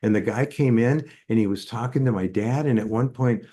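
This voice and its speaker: Telling anecdotes in an interview, this older psychotherapist talks fairly quickly in a mellow, mid-range voice, with many fillers and false starts.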